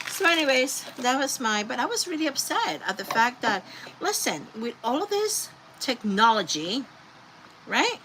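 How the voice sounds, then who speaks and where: A chatty woman with a slightly high voice talks casually to her viewers, rambling between crafting steps. Her words come from a craft space at home, and a steady hiss of background noise runs under the whole recording. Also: moderate pace, low-quality recording. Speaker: craft livestream host. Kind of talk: casual live crafting chat.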